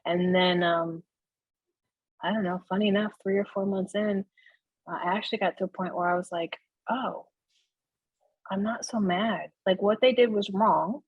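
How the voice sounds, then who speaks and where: A woman's voice: medium pitch, normal speed, long pauses, slightly rough, no echo, phone-quality sound. A woman telling her life story as an interview guest, candid and conversational, often tagging her sentences with "right?" and laughing between thoughts. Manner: animated, frequent "right?" tags and laughs. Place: Florida.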